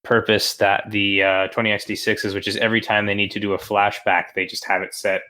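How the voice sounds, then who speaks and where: A man's voice: lowish voice, level tone, fairly quick, bright, forceful tone. A man co-hosting a podcast in casual chat, rambling with many fillers, laughing often. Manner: rambling, laughs often, quotes cartoon lines in put-on voices. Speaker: podcast co-host.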